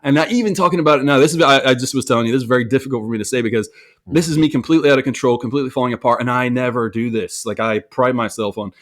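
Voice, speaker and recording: Speaking fast at a medium pitch, a man recounts a mistake he made, candid and reflective about it. He often restarts and repeats words as he tells the story conversationally.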